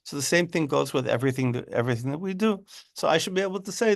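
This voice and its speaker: A man giving an informal, animated class talk on a religious text, repeating words and often asking "right?". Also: on the high side, quick pace, vocal fry, hardly any pauses.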